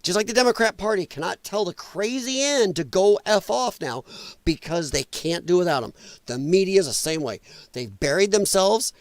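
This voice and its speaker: A man's voice: high voice, no echo. A man hosting a podcast, delivering a heated, profane political rant in an emphatic, exasperated way. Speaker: podcast host.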